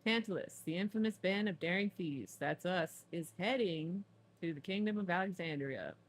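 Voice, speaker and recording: A woman reading a game's dialogue aloud, playing a gruff male thief leader with a put-on Southern American accent and a lowered, hammy voice. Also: normal speed, lightly acted. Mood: bossy. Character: gruff middle-aged male leader of a thieves' band.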